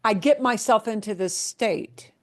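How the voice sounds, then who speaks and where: A woman's voice: mid-range voice, a little slow. A woman teaching a language class, explaining patiently with examples and frequent check-ins. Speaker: Spanish teacher. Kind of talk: class lesson.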